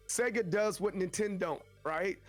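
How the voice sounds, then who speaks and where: Guest streamer, male, high register, rambling delivery, from Tennessee. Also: moderate pace, soft background music. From Tennessee, USA. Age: adult with children. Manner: rambling, frequent restarts, acts out quotes. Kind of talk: casual interview talk.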